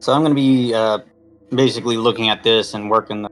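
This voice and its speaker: A man's voice: fairly low pitch, steady tone, fast talker, fairly bright tone, soft background music. A man talking casually as game master of an online tabletop game, asking players questions and taking notes. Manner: practical, note-taking, asks players questions. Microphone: online voice chat.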